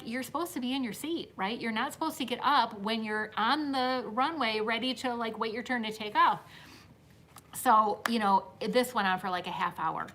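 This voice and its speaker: A woman's voice: mid-range voice, fairly bright tone, slight background noise. A woman in her fifties hosting a casual live-stream chat, telling stories to her viewers and laughing often. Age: 50s. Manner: chatty storyteller, talks straight to viewers, laughs often. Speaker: host.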